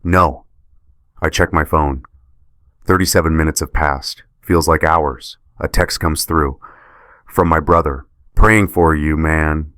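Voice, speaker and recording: A man's voice: rumbling low, steady tone, a little slow, long pauses, fairly bright tone, no echo, studio quality. A man narrating a scripted first-person story in short, clipped sentences.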